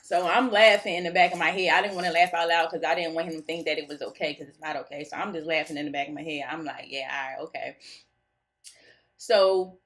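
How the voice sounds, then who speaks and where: A woman's voice: on the low side, quick pace, few pauses. A young woman tells a story to her followers in a goofy, laid-back way. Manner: goofy, laughs easily, animated retelling. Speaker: vlogger telling a story. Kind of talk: casual storytime chat.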